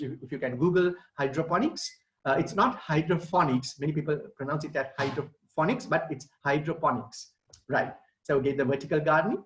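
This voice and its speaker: A man's voice: on the high side, rough recording. Sri man explaining gardening. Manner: explanatory, addressing children and parents. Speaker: gardening expert. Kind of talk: online presentation.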